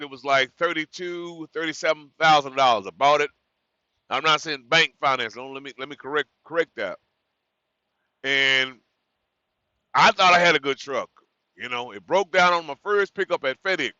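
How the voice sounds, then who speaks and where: A man's voice: fairly high pitch, sharp tone, no room sound, highs cut off. A man who drives trucks, giving new drivers frank, rambling advice in a casual vlog, correcting himself and repeating words as he goes.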